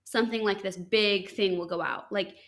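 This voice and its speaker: A woman's voice: medium pitch, steady tone, moderate pace. A young woman tells a story on her podcast in loose, casual chat. She leans on "like" constantly and acts out what other people said. Her voice sits in the middle range. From United States. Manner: chatty, full of "like", acts out quoted dialogue. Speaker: podcast host.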